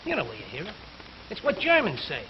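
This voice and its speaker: A man's voice: fairly high pitch, wildly swooping pitch, brisk, background noise. An actor playing a surly, bigoted American workman who grumbles in coarse slang. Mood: griping. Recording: muffled 1950s television recording.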